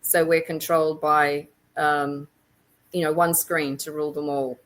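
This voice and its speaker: A woman with a fairly low voice talks as an interview guest. She is reflective and unhurried, and she often circles back and restarts a thought before she finishes it. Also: level tone. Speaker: author guest. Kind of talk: casual interview conversation.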